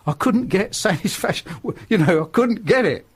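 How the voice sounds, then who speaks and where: A man's voice: high-pitched, animated, moderate pace, slightly rough. An older man with a Northern English accent, a radio guest giving a blunt, chatty testimony that turns preachy. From northern England.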